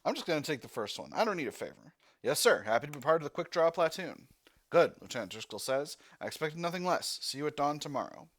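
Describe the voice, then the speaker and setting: A man playing a text-based war game, reading the narration aloud and thinking out loud as he picks options. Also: fairly high pitch, very animated, fast talker. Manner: reads narration, thinking aloud with fillers and restarts. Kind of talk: let's-play narration.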